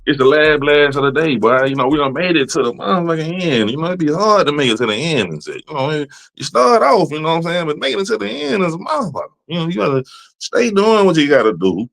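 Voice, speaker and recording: A man's voice: on the high side, sing-song, fast, vocal fry, fairly bright tone. A man hosting a podcast, talking in loose, profane, streetwise banter. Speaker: podcast host. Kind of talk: casual podcast chat.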